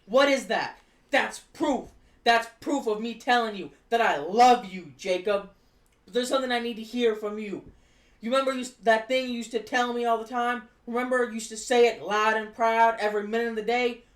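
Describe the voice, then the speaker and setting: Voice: mid-range voice, fairly even intonation, normal speed, close to an everyday voice. A streamer voicing a scheming male wrestling faction boss in a casual impression during a recap. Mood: coaxing. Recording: roomy echo.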